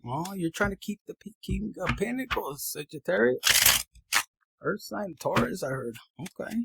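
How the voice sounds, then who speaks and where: High, gravelly man. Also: unhurried, very noisy. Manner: animated, slangy, mixes in Spanish phrases. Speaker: tarot reader. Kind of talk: casual tarot reading to camera.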